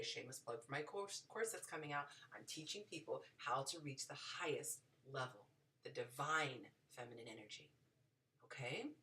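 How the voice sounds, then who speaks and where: A woman hosting a dating advice show, telling stories in an animated way and acting out the people in them. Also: a bass voice, distant mic. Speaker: podcast host giving dating advice. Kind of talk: casual storytelling advice.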